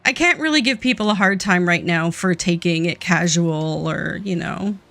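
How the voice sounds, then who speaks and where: A woman streamer chatting casually with friends while gaming, easygoing and quick to laugh. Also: on the low side, creaky, fairly bright tone.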